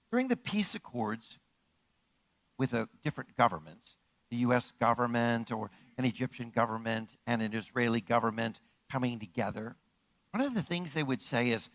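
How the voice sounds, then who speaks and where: A man preaching a sermon as pastor. He repeats his points and asks the congregation rhetorical questions, moving from hushed, close lines to loud, emphatic calls. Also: medium pitch, no room sound.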